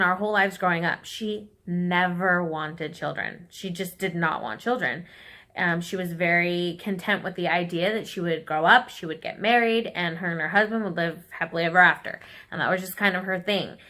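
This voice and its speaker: Bright-voiced young woman vlogging candidly. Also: fairly low pitch. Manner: candid and heartfelt, talking straight to viewers. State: tearful at times. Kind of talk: emotional personal vlog.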